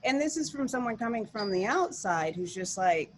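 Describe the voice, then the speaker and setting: A woman's voice: on the high side, lively intonation, brisk, slight background noise. A woman on a panel, talking casually and hesitantly as she searches for her words.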